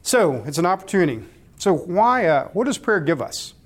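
A man's voice: sits high, very animated, normal speed. A man in his forties giving a candid, personal conversational sermon and asking his listeners questions. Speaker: speaker leading a church group.

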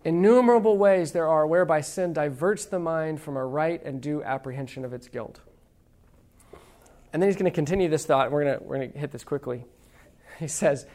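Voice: mid-range voice, brisk, darkish tone. A preacher delivering a sermon in an easy, conversational manner, asking the congregation questions and reading old quotations aloud with weight. Wry, playful asides break up the teaching. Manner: reads quotations aloud with emphasis.

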